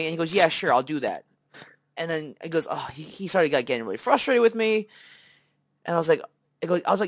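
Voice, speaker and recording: Slightly high and brisk, this young podcast co-host's voice breaks into long pauses, with no room sound at all. He's an animated storyteller, performing the voices in his casual tale and leaning on plenty of fillers.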